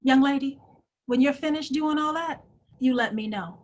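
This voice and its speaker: A woman's voice: sits high, natural voice. A woman quoting a stern, no-nonsense advisor. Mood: firm. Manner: firm, measured, no-nonsense. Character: stern, mild-mannered older woman advisor.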